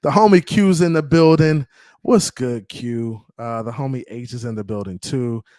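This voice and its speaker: A man's voice: mid-range voice, moderate pace, warm tone, no room sound. A man hosting a casual sports fan livestream, reading out chat messages and greeting viewers by name in hyped, slangy talk. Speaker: fan podcast host reading live chat.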